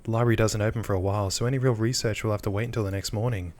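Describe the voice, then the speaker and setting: A man's voice: fairly low pitch, steady tone, racing, darkish tone, close to an everyday voice. A man voicing a blunt, wry young female companion in a dry, casual tone while reading game dialogue aloud.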